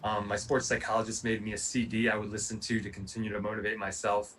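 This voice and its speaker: A man's voice: on the low side, quick pace. Guy in his 40s rambling through a motivational talk, lots of um and you know, mic kinda far off. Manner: rambling, animated storytelling with many fillers. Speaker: Olympic pole vaulter sharing his story. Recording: distant mic, faint room noise.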